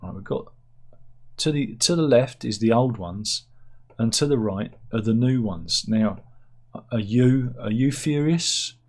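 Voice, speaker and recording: A man's voice: medium pitch, a little slow, darkish tone. A man hosting a casual satirical news chat, rambling and interrupting himself with asides. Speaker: host reading news stories.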